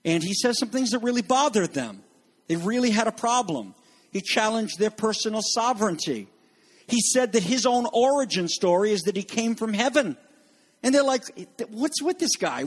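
A man's voice: extremely high pitch, husky. A middle-aged man preaching a sermon as pastor, acting out quoted voices as he goes. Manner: animated, acts out quoted voices.

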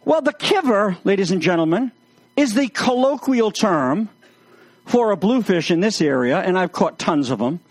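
Man, pastor, sermon, humorous anecdotal style, high voice, dry close sound. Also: animated, moderate pace, no room sound.

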